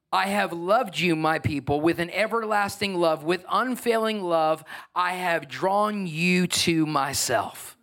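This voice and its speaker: High-pitched, bright-voiced male pastor preaching. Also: normal speed. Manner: emphatic, conversational preaching with swings from soft to loud. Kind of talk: sermon.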